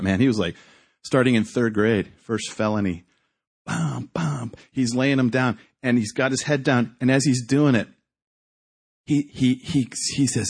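A man's voice: mid-range voice, a little mellow, husky. A man preaching a sermon, telling a story and acting out the quotes, building to intense fervor.

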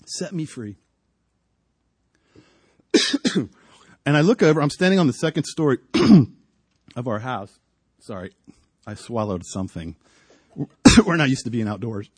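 Husky middle-aged guy preaching outside, dry sound, goes quiet then loud, keeps clearing his throat. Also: medium pitch, no echo. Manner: storytelling, swings from hushed to loud. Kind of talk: sermon with personal story. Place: outdoors.

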